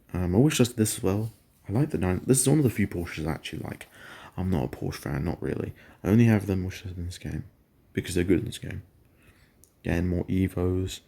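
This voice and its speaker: A man's voice: low voice, vocal fry, darkish tone, slightly rough. A man giving casual, rambling game commentary, often stopping to correct himself. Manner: rambling, self-correcting, chatty. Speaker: gaming channel host.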